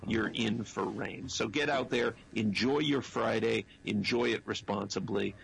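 A man's voice: on the low side, measured pace, vocal fry, slight background noise, poor audio. A man giving the weather on a radio chat show in an easygoing, hesitant way. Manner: hesitant, easygoing, full of fillers. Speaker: weather contributor.

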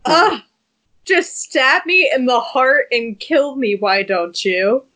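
A woman's voice: high-pitched, takes it slowly, pushed and bright. A woman co-hosting a podcast, gushing with dramatic reactions. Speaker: podcast co-host. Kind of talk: casual chat.

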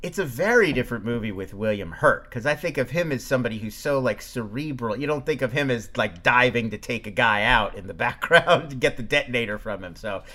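A man's voice: medium pitch, lively intonation, a little fast, hardly any pauses, pushed and bright. A man in a casual film podcast chat, talking loosely with lots of fillers and acting out quotes. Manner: chatty, filler-heavy, acts out quotes. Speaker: podcast co-host.

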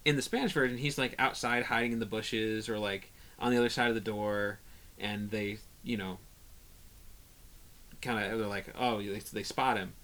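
A man in casual conversation about old films, talking haltingly with many restarts and bursts of animation. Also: lowish voice, fairly even intonation, a bit bright. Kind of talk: casual film discussion.

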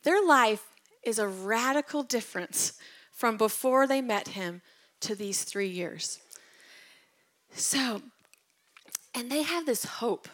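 A woman's voice: a little high, animated, slow, pauses often, fairly bright tone. A woman retelling Bible stories in a casual devotional talk. She tells them with animation and drops to a whisper at tender moments. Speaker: Bible teacher.

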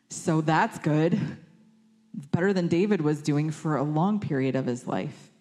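A woman giving a conversational sermon, reading scripture and acting out quoted lines with lively shifts in voice. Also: deep voice, moderate pace, long pauses. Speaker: preacher.

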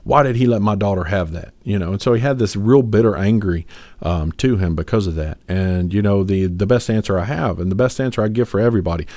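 In a casual faith discussion on a podcast, the co-host rambles earnestly, with many fillers and restarts. His voice is fairly low and mellow, he speaks fast, and there's no room sound.

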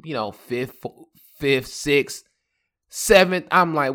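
Animated man telling a story casually. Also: mid-range voice, takes it slowly. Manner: animated, acts out quoted voices, laughs often. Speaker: podcast host.

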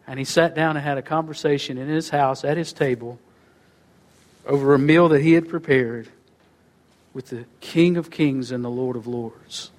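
A man preaching a sermon as pastor, swinging between loud rising phrases and low, quiet phrase endings. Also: fairly even intonation, moderate pace. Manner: preaching with wide swings in pitch and loudness, dropping low and quiet at phrase ends.

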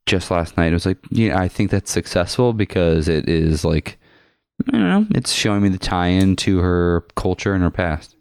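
A man co-hosting a podcast, chatting casually and asking measured questions. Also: low-pitched, animated, clean tone, no echo, studio quality. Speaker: podcast co-host. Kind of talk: casual discussion.

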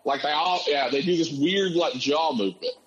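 A man's voice: on the high side, moderate pace, a bit bright, lo-fi sound. A man co-hosting a podcast, chatting casually and building his arguments point by point. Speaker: podcast co-host. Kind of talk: casual chat.

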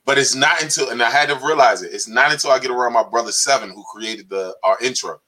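A man's voice: medium pitch, fast, low-quality recording. A man from Washington, D.C. with a local accent, chatting casually in slang and laughing often. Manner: laughs a lot, lively, slangy. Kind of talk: casual chat.

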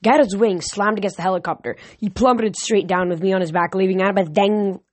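A man's voice: high voice, brisk, no echo. A male amateur reader reading a novel aloud, with frequent restarts and self-corrections. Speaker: audiobook reader.

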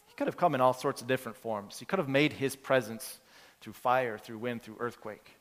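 Speaking at a medium pitch, slightly fast and a bit bright, a male pastor preaches in a conversational, earnest way. He builds his points from everyday examples, and long hall reverb colors the recording.

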